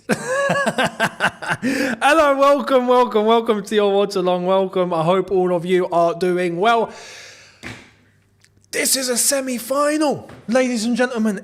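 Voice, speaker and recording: A young man hosting a live football watchalong, chatty and quick to laugh as he talks to his viewers. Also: sits high, fairly bright tone. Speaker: football channel host.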